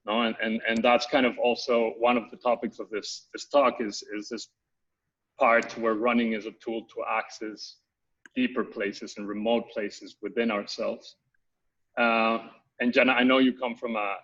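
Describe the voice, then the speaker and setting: Host, man, low and flat delivery, hesitant repeats, dull lo-fi sound. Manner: hesitant, many repeats, passes questions to guests. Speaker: panel host. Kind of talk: casual panel talk.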